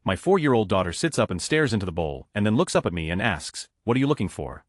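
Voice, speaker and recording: A man reading short online stories aloud as scripted narration, with a flat delivery that lifts at each story heading. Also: on the low side, fast talker, no room sound, studio quality.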